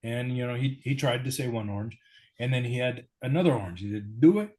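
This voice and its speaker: An American man of ordinary pitch talks through a story as an interview guest. He is relaxed and pokes fun at himself as he goes, and his voice sits right in the middle of the male range. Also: quick pace. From United States. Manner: easygoing, self-deprecating storyteller.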